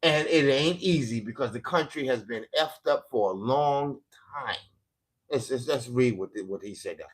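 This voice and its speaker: A man's voice: mid-range voice, moderate pace. An American man doing live-stream political commentary, combative and profane as he mocks a viewer. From United States.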